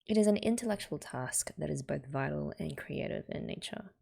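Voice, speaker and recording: An Australian woman reading the lines of a stern older male teacher of gem people in a flat, measured lecturing tone. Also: low-pitched, gravelly, husky, heavily acted.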